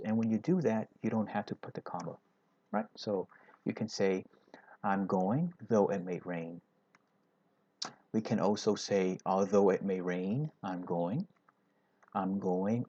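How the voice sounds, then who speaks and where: A man's voice: low voice, mellow, muffled recording. A man teaching an English grammar lesson. He explains patiently, step by step, and often checks in with "right?".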